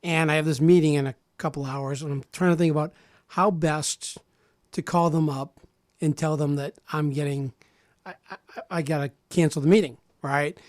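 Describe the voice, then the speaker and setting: A man in his forties telling a personal story in casual radio talk, animated and acting out other people's lines, often restarting and repeating words. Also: on the high side, normal speed, dry recording, studio quality. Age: 40s.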